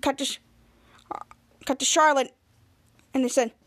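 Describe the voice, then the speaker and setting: Woman, high voice, casual podcast recap, retells scenes quoting each character. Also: steady tone, normal speed. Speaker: podcast host.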